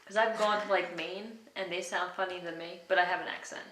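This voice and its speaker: A woman's voice: fairly low pitch, steady tone, fairly quick, a bit bright, slight background noise. A woman interviewing casually, asking short, curious questions. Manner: curious, brief prompts. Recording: echoey room.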